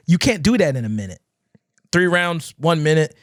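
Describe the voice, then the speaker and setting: A man's voice: on the high side, normal speed, no room sound, studio quality. A man who teaches dance, talking casually on a podcast, acting out crowds and swearing freely as he tells stories. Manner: animated storytelling, acting out crowds and shouts, swears often.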